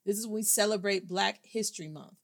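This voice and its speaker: A woman hosting a casual Spanish lesson, energetic and slangy, switching back and forth between English and Spanish. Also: medium pitch, a little fast, creaky. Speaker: host and Spanish teacher. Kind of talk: upbeat casual language lesson.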